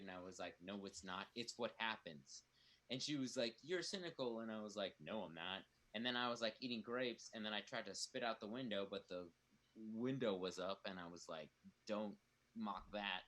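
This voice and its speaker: A man playing a loud, swaggering bro who rambles through stories with lots of "uh"s, in a comedic character monologue. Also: medium pitch, pitched below the performer's own voice, natural voice. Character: brash loud bro character, Zach Smith. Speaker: performer in a comedy play reading.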